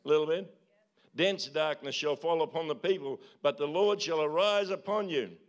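A man, a pastor preaching a sermon in a church service, urging his listeners with repeated calls and quick tag questions. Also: a little high.

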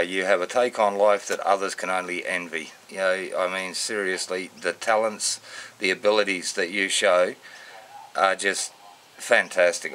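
A man with an Australian accent giving casual, unscripted shout-outs in a matey, rambling way full of slang. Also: deep voice, a little hiss or hum. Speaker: vlogger.

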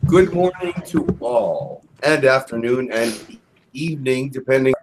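A man's voice: medium pitch, animated, unhurried, background noise, natural voice. A man voicing a solemn prophet spirit in a channeled message, speaking in an earnest, admonishing way.

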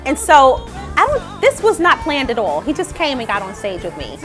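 A woman vocal coach talking chattily in a casual vlog, animated and often laughing. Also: high voice, moderate pace, music in the background.

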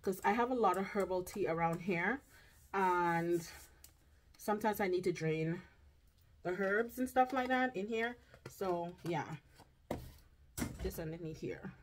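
A woman's voice: on the low side, unhurried, long pauses, slight background noise. A woman chatting casually through a grocery haul at home, drawn out and often checking in with "okay?". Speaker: vlogger. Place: home, indoors.

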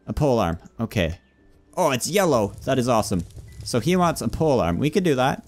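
A young gaming YouTuber gives playful let's play commentary, chatting with in-game customers like a shopkeeper. His mid-range voice swings widely in pitch, moves fairly quickly and sounds a little mellow over soft background music.

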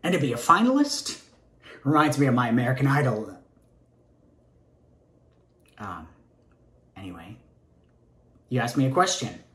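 A man's voice: mid-range voice, fairly bright tone. A man playing a jittery Southern teacher applicant, roomy. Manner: nervous, rambling, stammering, drops to whispers. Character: nervous gay male teacher applicant. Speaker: job interview candidate. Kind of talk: comic stage monologue.

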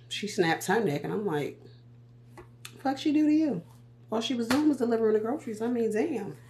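A woman speaking chats through a casual vlog. Her voice sits a little low, and she tells stories in an animated, profane way, peppered with asides. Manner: chatty, profane, animated storytelling with laughs. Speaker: vlogger. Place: walking around.

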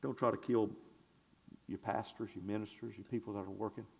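A male pastor preaching a sermon in a church, swinging from shouted declarations to hushed asides in a folksy, conversational way. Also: lowish voice, flat delivery, vocal fry, breathy edge. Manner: conversational, drawn-out and folksy, with audience call-and-response.

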